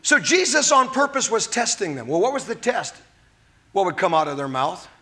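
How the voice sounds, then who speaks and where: A man preaching a sermon from the United States, animated, asking the congregation rhetorical questions and acting out quotes. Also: high-pitched, moderate pace. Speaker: pastor.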